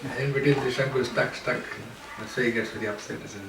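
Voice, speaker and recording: A man teaching a scripture class, telling a story in an animated way and acting out the characters' lines with laughter. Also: mid-range voice, fast. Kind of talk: storytelling lecture. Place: temple class room. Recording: roomy hall, mic at a distance, background noise.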